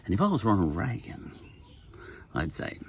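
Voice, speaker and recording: A man's voice: on the low side, huge pitch swings, moderate pace, a little hiss or hum. An Australian man in his sixties, talking casually in a rambling podcast monologue, full of wry asides and chuckles. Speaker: podcast host.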